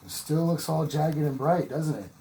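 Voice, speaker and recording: A man's voice: on the high side, normal speed, gravelly, warm tone. A man teaching oil painting as he works, talking the viewer through each stroke in an encouraging, repetitive way, sometimes moving away from the mic. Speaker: painting instructor. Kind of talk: relaxed painting tutorial. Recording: faint background noise.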